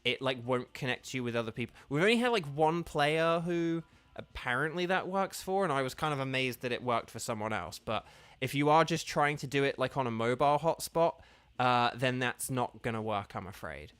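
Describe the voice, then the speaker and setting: Bright, clear-voiced male game streamer. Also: mid-range voice, animated, normal speed, no echo. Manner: patient, explaining step by step with many fillers. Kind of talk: casual live-stream chat with viewers.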